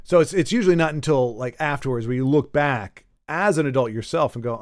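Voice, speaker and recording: A man's voice: mid-range voice, fairly quick, no echo, clean studio sound. A man talking alone on a podcast, rambling and emphatic, with frequent restarts and self-corrections. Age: adult who grew up with Nintendo. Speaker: podcast host. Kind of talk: solo podcast monologue.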